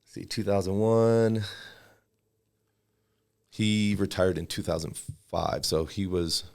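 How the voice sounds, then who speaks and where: A man's voice: low-pitched, clean tone. A man of about forty, a fighter and former soldier, telling stories casually as a podcast guest and acting out the people he quotes. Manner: relaxed, acts out quoted people in raised voices. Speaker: guest, MMA fighter and army veteran. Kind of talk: casual storytelling.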